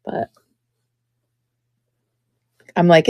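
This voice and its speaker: A middle-aged woman hosts a live jewelry sale, chatty and admiring as she shows each piece. Her voice sits low, with a gravelly fry at phrase ends, and she takes her time. The sound is close and dry. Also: animated, slow, a little mellow, no echo. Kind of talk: live-stream sales chat.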